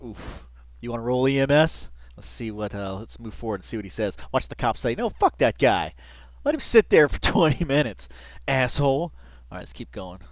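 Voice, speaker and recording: A man's voice: medium pitch, a bit bright, no echo. A man giving casual reaction commentary, rambling with lots of fillers and bursts of laughter. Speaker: reaction video host.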